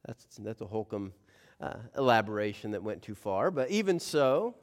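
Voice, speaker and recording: A man preaching a sermon, lively and playful, acting out the story with funny voices. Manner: animated, acts out scenes with playful voices; reads scripture aloud in a slower, lower tone. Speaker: pastor.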